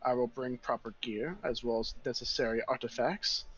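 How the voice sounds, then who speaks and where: A man's voice: medium pitch, moderate pace, husky, highs cut off, close to an everyday voice. A man voicing a stern young princess in a tabletop game, firm and formal.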